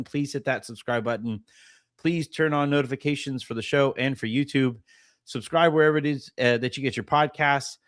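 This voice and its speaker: A young man hosting a casual sports podcast, sarcastic and quick to laugh. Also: medium pitch, dry recording, clean studio sound. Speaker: podcast host.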